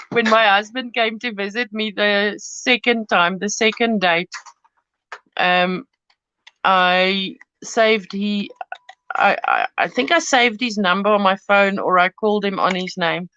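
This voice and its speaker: A woman chats her way through a live craft stream, rambling easily and breaking into giggles as she works with paper. Her voice sits at an ordinary middle pitch. The recording is dull and lo-fi, with a close, dry sound and no room echo. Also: steady tone, slow pace, long pauses, pushed and bright, clear, resonant tone. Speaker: craft channel host. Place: home craft studio.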